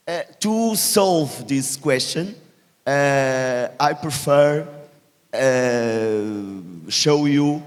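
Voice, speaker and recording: A Portuguese man with a hoarse voice, giving a halting, joking conference talk on stage. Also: mid-range voice. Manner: halting, many fillers and restarts, joking. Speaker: conference keynote speaker. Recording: large hall reverb.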